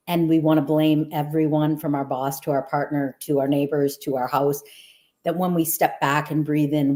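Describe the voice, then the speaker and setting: This is a woman hosting a casual podcast conversation. Her voice sits very low for a woman, and she speaks in an earnest, affirming, reflective way, like a coach. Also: dark tone.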